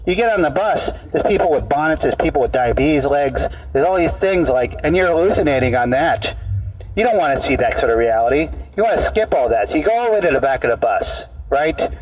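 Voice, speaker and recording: A male street comedian telling a rambling, deadpan absurd story in halting, repeated phrases to people in an outdoor park. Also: on the high side. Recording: dull distant outdoor recording.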